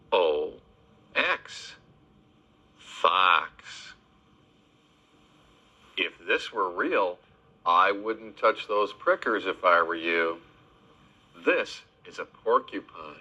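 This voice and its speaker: A man teaching children animal names in a slow, sing-song voice, spelling each word letter by letter. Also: on the low side, sharp tone. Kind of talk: spelling lesson for kids.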